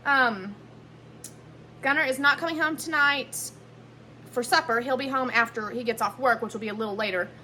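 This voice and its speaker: A woman talks through dinner prep in her home kitchen, rambling and correcting herself as she goes. Her voice is bright and a little high. A faint room hum sits under the phone recording. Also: moderate pace, pauses often. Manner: chatty, rambling, self-correcting. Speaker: vlogger cooking at home. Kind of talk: casual chat while cooking. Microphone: handheld phone camera.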